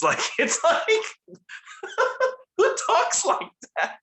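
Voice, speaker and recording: A man's voice: extremely high pitch, wildly swooping pitch, extremely slow, pauses often, pushed and bright. A man co-hosting a casual wrestling recap show, profane and mocking, laughing often and doing sarcastic impressions. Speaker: podcast co-host.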